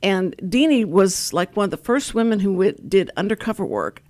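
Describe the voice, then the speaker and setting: Older woman host, lively swooping delivery, chatty storyteller who laughs a lot. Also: mid-range voice, moderate pace. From Texas. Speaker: radio talk show host. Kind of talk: casual radio chat.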